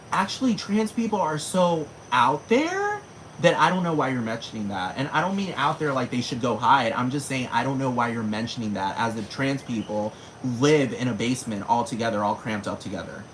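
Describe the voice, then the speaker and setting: A man's voice: medium pitch, animated, normal speed, a bit bright, slight background noise, rough recording. A man ranting casually to camera, slangy and profane, with sudden dramatic jumps in his voice. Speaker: vlogger.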